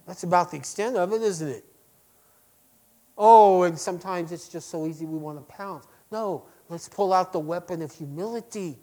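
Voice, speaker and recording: A middle-aged man preaching to his congregation, swinging between loud emphasis and quiet lines and asking them direct questions. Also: high-pitched, moderate pace. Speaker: pastor. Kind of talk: sermon.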